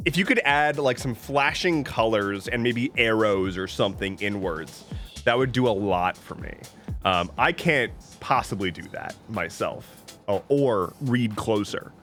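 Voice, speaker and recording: A man's voice: medium pitch, a bit bright. A man chatting casually on a live stream, joking playfully and reading viewer messages aloud.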